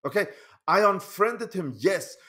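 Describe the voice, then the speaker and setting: A man's voice: high voice, expressive, unhurried, sharp tone. A man, telling a YouTube vlog story as an agitated rant, swearing often and restarting his sentences. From Denmark. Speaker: pinball YouTuber.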